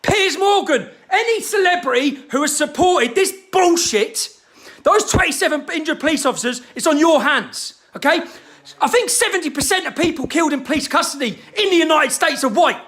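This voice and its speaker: A man delivering an angry, swearing rant straight to the camera, firing hectoring questions and shouting. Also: extremely high pitch, animated, moderate pace. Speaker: activist ranting to camera.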